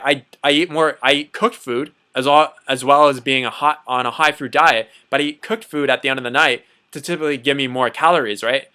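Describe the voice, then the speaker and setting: A man's voice: fairly high pitch, sharp tone. A man talking casually to camera about diet, repeating himself and dropping lots of "you know.". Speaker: diet vlogger.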